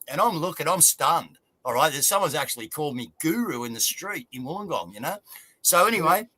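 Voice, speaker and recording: A man's voice: fairly high pitch, animated, fairly quick, sharp tone, dry recording. An Australian man co-hosting a livestream, telling stories in a blunt, casual way and calling people "mate". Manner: blunt, storytelling, lots of "mate". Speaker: co-host.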